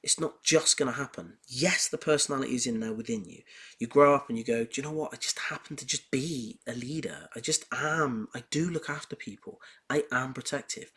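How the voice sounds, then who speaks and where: A man's voice: mid-range voice, fairly bright tone, slightly rough. A young man hosting a podcast, talking in a casual monologue and telling personal stories emphatically, with a lot of repetition. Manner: emphatic, heated storytelling with repetition. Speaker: podcast host. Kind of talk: casual monologue on self-improvement.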